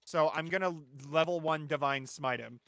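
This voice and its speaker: A man's voice: fairly high pitch, normal speed, a bit bright, dry recording. A man playing in a tabletop game, joking and playful in casual chat. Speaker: player.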